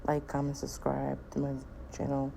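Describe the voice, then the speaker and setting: A woman's voice: normal speed, background noise. A woman hosting a reaction video, commenting casually in a drawling way. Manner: drawling, gravelly, lively pitch.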